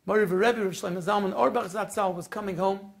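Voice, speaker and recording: A man, a rabbi, telling a story in a sermon, dramatic, swinging from hushed to loud. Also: high voice, steady tone, brisk, creaky.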